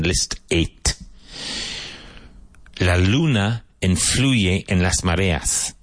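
A middle-aged Irish man from Cork talks with a Cork accent in a very low voice. He rambles through a casual live-stream monologue, restarting sentences and repeating phrases. The sound is dry and close. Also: no room sound. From Ireland, Cork. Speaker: English teacher on a live stream.

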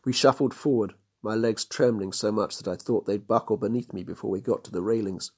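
Husky man reading a story aloud. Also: on the low side, a little fast. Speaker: narrator. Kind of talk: storybook narration.

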